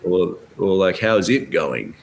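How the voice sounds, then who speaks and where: A man's voice: low-pitched, sing-song, slow, creaky, a little hiss or hum. A man with an Australian accent, a guest pianist chatting casually on a podcast, rambling and storytelling with lots of fillers. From Melbourne, Australia. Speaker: guest, jazz pianist and teacher.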